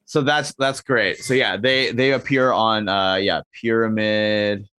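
Casual podcast co-host, male, low voice, dry room, joking back and forth. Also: steady tone, measured pace, pushed and bright, smooth, no echo. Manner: pitching comedy bits, acts out characters. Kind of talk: casual chat.

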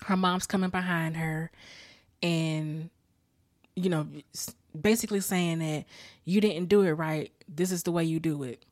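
A woman's voice: fairly low pitch, steady tone, unhurried, a little mellow, no room sound. Woman ranting with profanity, dry sound. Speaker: TV episode reviewer. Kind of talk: casual reaction recap.

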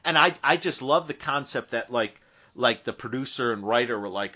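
A man co-hosting a podcast in casual chat about a TV movie, talking haltingly with restarts. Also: mid-range voice, lively intonation, pushed and bright, highs cut off. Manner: halting, with restarts and "you know". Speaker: podcast co-host.

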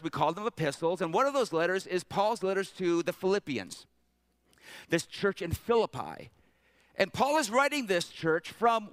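A man preaching a sermon as pastor, animated and storytelling, with joking asides and questions to the congregation. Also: sits high, dry recording.

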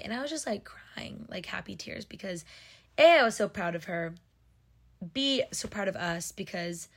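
A woman's voice: on the low side, creaky, fairly bright tone. A woman in her twenties hosting her own podcast, talking casually and emotionally, with lots of fillers. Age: 20s. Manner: heartfelt and emotional, filler-heavy. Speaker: podcast host. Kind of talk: casual personal monologue.

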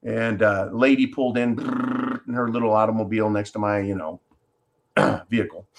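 A man's voice: fairly low pitch, fairly even intonation, moderate pace, vocal fry, noisy background. A man hosting a podcast, talking in a blunt, profane, riled-up way as he tells a personal story to his listeners. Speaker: podcast host. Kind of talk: casual monologue and storytelling.

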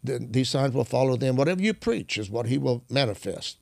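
A man who is a minister, telling stories in an animated, preaching style, often clearing his throat. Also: medium pitch, a little fast, no echo, studio quality. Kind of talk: storytelling preaching conversation.

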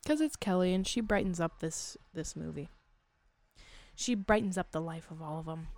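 A woman's voice: lowish voice, moderate pace, a little mellow, no echo. A woman giving chatty, amused commentary on a show with a friend, swearing freely, recorded on a wired mic while lying on the floor. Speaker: co-host watching a show. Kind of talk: casual reaction chat. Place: indoor room, lying on the floor. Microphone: wired mic with cord.

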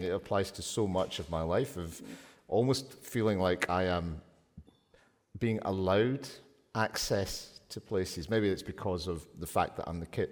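A man hosting an interview, asking probing questions in a playful, lively way. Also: low voice. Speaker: podcast host, writer. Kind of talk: conversational interview. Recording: long reverberant hall sound.

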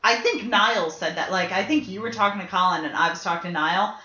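A young woman co-hosting a casual chat, laughing often and reacting quickly. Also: medium pitch, bright, forceful tone. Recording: roomy, slightly dull sound.

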